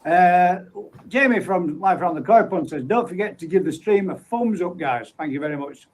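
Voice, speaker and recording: A man hosts a casual live stream, reading viewer comments aloud one after another. His voice sits fairly high for a man, and his manner is easygoing and friendly as he greets people by name. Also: lively intonation, moderate pace, darkish tone, rough recording. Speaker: livestream host.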